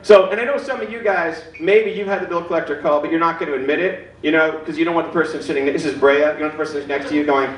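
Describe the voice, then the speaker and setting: A man's voice: fairly high pitch, quick pace, hardly any pauses, reverberant, recorded from a distance, slight background noise, poor audio. A man in his forties doing a stand-up comedy set, self-deprecating and acting out other people's voices. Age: 40s. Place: comedy club stage. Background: audience laughter.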